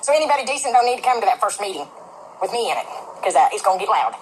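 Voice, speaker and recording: A middle-aged woman hosting a livestream, ranting loudly and bluntly with constant profanity. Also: medium pitch, sing-song, rapid-fire, crowd noise, poor audio. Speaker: livestream host. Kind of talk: angry profane rant on a livestream.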